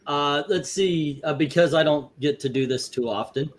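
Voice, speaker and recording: A man's voice: a little high, moderate pace, a little hiss or hum. Filler-heavy male livestream host. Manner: hesitant, filler-heavy, reading out viewer scores. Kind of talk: casual livestream chat.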